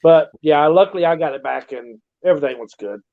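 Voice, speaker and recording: Guy telling wrestling stories, cusses a lot, bit high voice, muffled dry sound. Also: fast talker, vocal fry, no echo. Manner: profane, acts out quoted dialogue. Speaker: guest, former pro wrestler. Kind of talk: casual storytelling.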